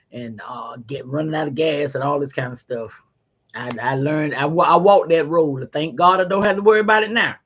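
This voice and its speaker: A middle-aged woman hosting a podcast, giving a faith-based motivational talk in a folksy, animated way and calling listeners honey. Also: low-pitched, muffled recording. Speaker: podcast host.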